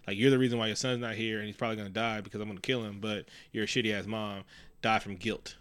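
A man playing a smug, cruel male sorcerer who taunts in a quiet, lowered voice. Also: level tone, fast, clean tone, no echo, lightly acted. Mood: taunting.

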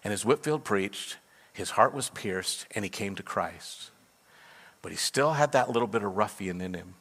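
A man's voice: lowish voice, animated, normal speed, gravelly, a bit bright, breathy edge. A man preaching as a pastor, telling a story earnestly and then leading a fervent prayer in a church. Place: church sanctuary. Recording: long hall reverb.

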